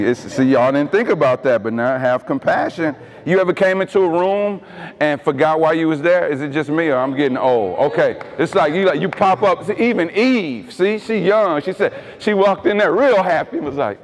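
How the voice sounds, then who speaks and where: A man with preaches in a loose, joking way, calling questions out to his congregation. His voice sits a little high for a man. The sound rings with the long reverb of a large hall. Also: expressive, moderate pace. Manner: casual, joking preaching with call-and-response to the congregation. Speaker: pastor. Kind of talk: sermon. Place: church sanctuary.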